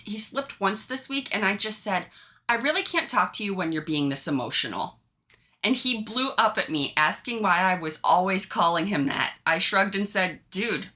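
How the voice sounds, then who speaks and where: A woman co-hosting a casual podcast, reading online posts aloud and chatting with an animated, giggly manner. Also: medium pitch. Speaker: podcast co-host reading stories.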